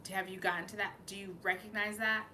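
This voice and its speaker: A woman's voice: mid-range voice, fairly even intonation, fast talker, bright, forceful tone, slight background noise. A woman giving a live-streamed channeled reading, emotional and fighting back tears, rambling and swearing as she goes. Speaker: psychic reader hosting a live stream.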